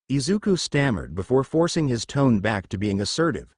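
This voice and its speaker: A husky, mid-range male voice narrates fan fiction as an audiobook at normal speed, using the same even voice for every character's dialogue. The sound is clean studio audio without echo.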